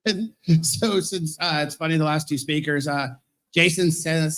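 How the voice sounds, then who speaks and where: A man telling a halting anecdote at a charity roast, laughing between phrases. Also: a little high, fairly even intonation, a bit bright. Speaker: roast speaker.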